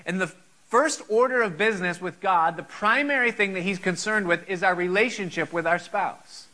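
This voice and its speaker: A man's voice: high voice, normal speed, pushed and bright, rough recording. A man preaching a sermon, earnest and full of rhetorical questions.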